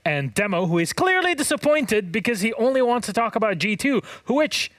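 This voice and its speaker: A man's voice: high voice, big pitch swings, a little fast, fairly bright tone, dry recording. A man hosting a live esports analyst desk, joking and teasing his co-hosts before a player interview. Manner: jokey, teasing, upbeat.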